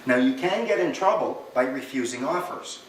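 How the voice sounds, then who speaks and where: A man giving a lecture to a live audience, animated and joking, acting out little dialogues as he goes. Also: medium pitch, moderate pace, a little hiss or hum. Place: meeting room with an audience. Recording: echoey room, recorded from far off.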